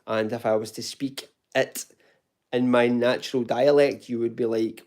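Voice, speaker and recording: A man's voice: mid-range voice, flat delivery, moderate pace, darkish tone. A man from Glasgow with a toned-down Glaswegian accent, hosting a casual live fitness Q&A at home, chatty and informal, calling viewers mate and swearing now and then. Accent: Glaswegian Scottish, toned down. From Glasgow, Scotland. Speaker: fitness channel host answering live chat.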